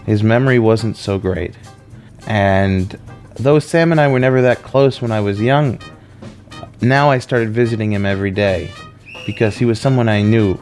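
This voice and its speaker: A comedian telling a personal story in a conversational, self-deprecating way. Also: male voice, fairly low pitch, a little mellow.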